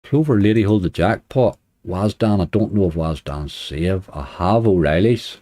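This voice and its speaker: Low, mellow-voiced man chatting on stream. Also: normal speed. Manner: chatty, reads viewer comments aloud, laughs often. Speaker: slot streamer. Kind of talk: casual live-stream chat.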